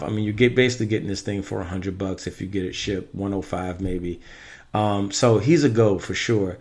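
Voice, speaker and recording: A man's voice: fairly low pitch, a little mellow. A man casually giving his opinions on Halloween animatronics in a rambling vlog, correcting himself as he goes. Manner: chatty, rambling with self-corrections. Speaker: Halloween prop reviewer.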